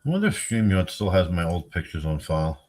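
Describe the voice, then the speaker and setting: A man's voice: sing-song, fast talker, darkish tone. A middle-aged man rambling casually on his own livestream, joking and telling stories. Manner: rambling, jokey, swings into high squeaky bits. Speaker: livestream host.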